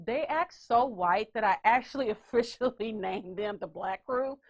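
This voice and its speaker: A woman hosting a podcast, telling stories in a loud, animated way with playful asides. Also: on the high side, normal speed, highs cut off. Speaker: podcast host. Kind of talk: casual chat.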